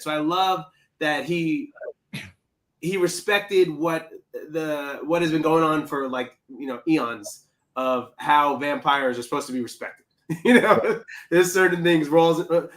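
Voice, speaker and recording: Animated bright-voiced man talking films. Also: on the high side, normal speed. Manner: animated, exclaims and acts out quotes. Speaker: film podcast co-host. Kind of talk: casual film discussion.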